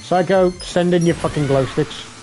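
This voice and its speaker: A man commentating a live game stream, excitable and swearing heavily, jumping between yelps and mutters. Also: a little high, moderate pace, faint music behind.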